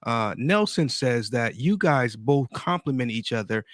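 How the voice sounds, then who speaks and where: A man's voice: medium pitch, lively intonation, unhurried, dry recording, clean studio sound. A man hosting a casual talk show, reacting with interjections and reading out viewer comments. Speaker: host.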